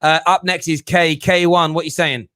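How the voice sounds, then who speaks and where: Man, host, call-in show, chatty, joking, fairly high voice. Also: fairly even intonation, normal speed, pushed and bright, smooth, no room sound, clean studio sound. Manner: chatty, laughs easily, calls callers bro and mate.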